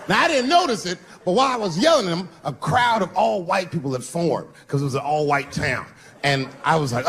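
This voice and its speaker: A man performing a profane, animated stand-up routine, telling a long story. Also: a little high, a little fast. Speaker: stand-up comedian. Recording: live stage recording with audience noise.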